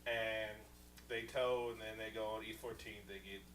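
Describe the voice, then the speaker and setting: A man co-hosting a casual podcast, recapping a movie in slangy, animated talk, laughing often and acting out the characters. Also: fairly low pitch, normal speed. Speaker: podcast co-host. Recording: echoey room, far from mic, faint hum.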